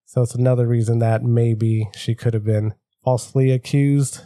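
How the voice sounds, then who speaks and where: A man's voice: medium pitch, steady tone, normal speed, mellow, no room sound, studio quality. A man co-hosting a podcast, reading through a historical story with offhand jokes in casual chat. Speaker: podcast host.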